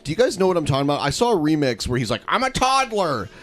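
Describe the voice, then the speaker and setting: A man's voice: fairly high pitch, sing-song, rapid-fire. A man co-hosting a comedy podcast, chatting casually while hunting for clips. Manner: laid-back, searching aloud for clips. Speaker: podcast co-host.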